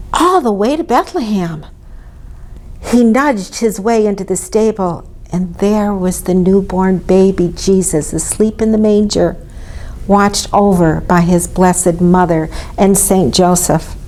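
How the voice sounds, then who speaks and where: A woman reading a children's story aloud in an expressive way, inviting her listeners to join in. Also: medium pitch, slow. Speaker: storybook reader.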